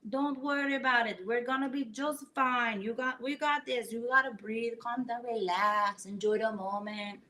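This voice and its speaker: A woman voicing a laid-back male snorkel guide with a mellow island accent, speaking slowly and soothingly. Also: on the high side, steady tone.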